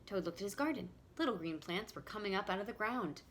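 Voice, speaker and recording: Expressive woman reading to preschoolers. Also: mid-range voice, quick pace. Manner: warm, expressive, talks to young children. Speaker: preschool teacher. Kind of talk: children's storybook reading. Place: at home.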